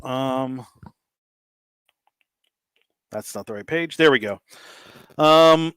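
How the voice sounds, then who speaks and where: A man narrating and running a tabletop game as game master, relaxed and peppered with ums and uhs. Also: medium pitch, dry recording.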